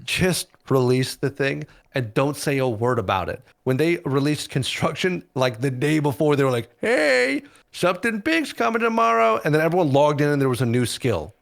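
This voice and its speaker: A man's voice: mid-range voice, moderate pace, hardly any pauses. Blunt, sarcastic man guesting on a podcast. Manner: blunt, sarcastic, swears casually. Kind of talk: casual podcast chat.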